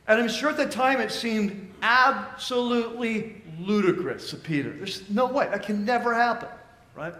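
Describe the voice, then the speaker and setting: A man's voice: high voice, expressive, moderate pace, pushed and bright, reverberant. A male pastor preaching a sermon in a casual, storytelling way in a church.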